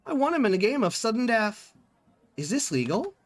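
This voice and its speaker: A man voicing a pushy male stall keeper in a game, with loud carnival-barker patter. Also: very high voice, very animated, normal speed, pitched above the performer's own voice. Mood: cocky.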